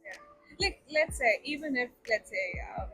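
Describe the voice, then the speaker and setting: High, lively chatty woman host. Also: moderate pace, faint music behind. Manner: chatty, playful, giggly. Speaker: interview host. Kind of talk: casual interview chat.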